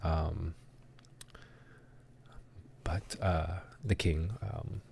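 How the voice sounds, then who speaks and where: A man narrating a tabletop game as game master, in a halting way with many pauses and restarts. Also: very deep voice, fairly even intonation, vocal fry, darkish tone, slight background noise.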